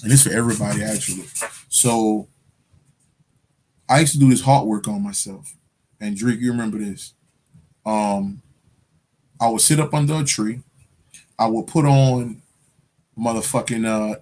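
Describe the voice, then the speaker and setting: A man's voice: lowish voice, normal speed, pauses often, a little mellow. Laid-back man chatting with viewers in slang. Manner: loose, profane street slang, repeats phrases. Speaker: spiritual livestream host. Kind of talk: casual livestream chat answering viewer questions.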